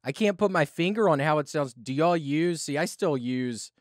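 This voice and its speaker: Brief: male host, animated pitch, teasing interviewer, dry studio sound. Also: no echo. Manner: curious, teasing, quick follow-up questions. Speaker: podcast host. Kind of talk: casual podcast chat.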